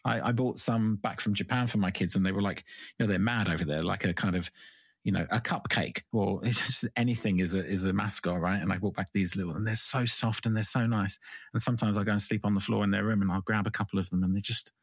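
A man's voice: fairly low pitch, fairly even intonation, fast, husky, dry recording. A man hosting an interview podcast, chatty, with frequent stammered restarts. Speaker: podcast host. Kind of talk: casual interview chat.

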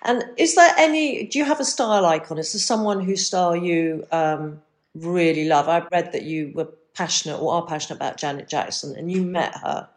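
Low-voiced woman host asking questions. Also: a little fast. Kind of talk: interview chat.

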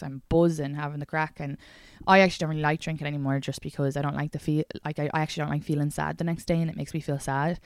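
A woman's voice: sits low, a little mellow, dry recording, studio quality. Irish woman rambling on a podcast. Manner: chatty, rambling, frequent swearing and self-deprecating asides. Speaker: podcast host and stand-up comedian. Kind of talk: casual solo podcast monologue. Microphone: studio podcast microphone.

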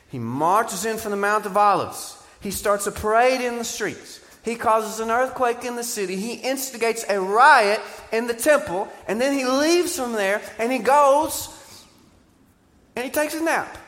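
A man preaching a sermon, animated and joking, asking the crowd questions. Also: high voice. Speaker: pastor. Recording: live church sermon with hall reverb.

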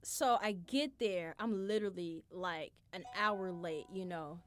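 A young woman hosting a podcast, telling a personal story in a chatty, profane, animated way and acting out what people said. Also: fairly low pitch, unhurried, no echo. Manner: chatty, profane, animated, acts out her own quotes. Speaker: podcast host. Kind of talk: casual storytelling monologue.

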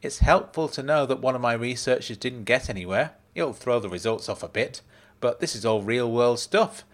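A man's voice: mid-range voice, lively intonation, normal speed, lightly acted. A man reading a story, voicing a breezy, upbeat woman researcher in a raised, chirpy voice. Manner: bright, chirpy, casual.

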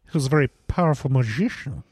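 A man's voice: mid-range voice, fast, husky, no echo. A man co-hosting a casual movie commentary podcast, trading wry jokes and asides. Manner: wry, joking asides, animated. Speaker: podcast co-host.

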